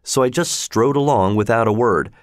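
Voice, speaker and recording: An audiobook reader, a man with a medium-pitched voice, narrates a science fiction story from a script in a steady, measured way. The recording is dry and has clean studio sound.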